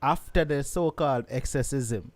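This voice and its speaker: A man's voice: medium pitch, moderate pace, dry recording. A male talk show host who interviews a caller and speaks directly to the listeners with emphasis.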